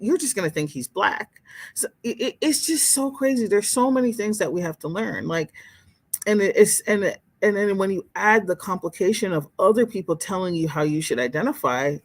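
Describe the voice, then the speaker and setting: A woman hosting a livestream in casual chat, speaking candidly and expressively to viewers as she reads their comments. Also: medium pitch. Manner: candid and expressive, exclaims and laughs, talks straight to viewers.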